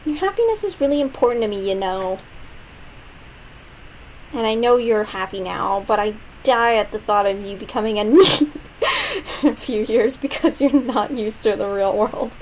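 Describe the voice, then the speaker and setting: A woman voicing a bubbly, carefree teenage schoolgirl while reading game dialogue aloud, with a high, drawn-out, sing-song delivery. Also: a little mellow, a little hiss or hum, lightly acted, low-quality recording. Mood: earnest.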